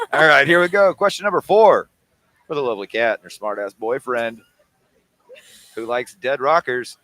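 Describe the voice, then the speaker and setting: A man hosting a casual livestream chat, teasing his guest in an animated way. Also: mid-range voice, normal speed, pauses often, no echo. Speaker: host.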